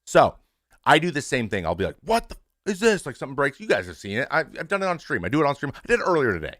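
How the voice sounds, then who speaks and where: A man in his thirties talks openly to his stream audience in a plain, mid-pitched voice. He swears freely and restarts his sentences often. The sound is dry and close, with no room around it. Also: sing-song, very fast, a bit bright, dry recording. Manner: frank and conversational, with restarts and swearing. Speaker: show host, former pitcher. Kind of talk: candid casual talk to a stream audience.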